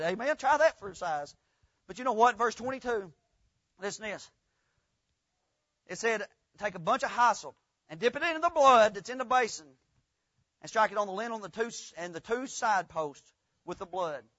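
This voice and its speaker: High, bright-voiced preacher man. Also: no room sound. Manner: rambling, folksy, rising to loud fervent preaching. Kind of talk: folksy storytelling sermon. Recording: dull, lo-fi dry sound.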